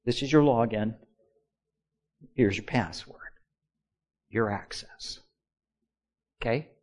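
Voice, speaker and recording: Preaching to his congregation, a male pastor alternates between soft, low reflection and slow, forceful declarations delivered loudly. He draws the people into call-and-response.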